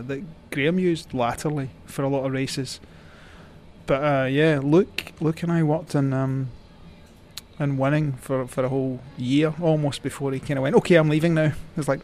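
A Scottish man recalls his years on the road at a relaxed, rambling pace, full of fillers and restarts. His voice sits at an ordinary middle pitch, and a faint ambient hum runs underneath. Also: normal speed. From Scotland. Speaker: guest, cycling journalist. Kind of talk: casual storytelling.

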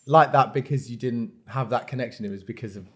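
A man's voice: mid-range voice, fast talker, slightly rough. A man from Wales co-hosting a podcast, chatting and asking questions in a reassuring way. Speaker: podcast co-host. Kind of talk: casual interview chat.

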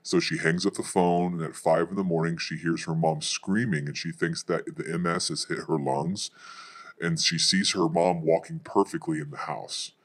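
A man, a pastor, telling a testimony story in a fast, narrative way. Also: deep voice, steady tone.

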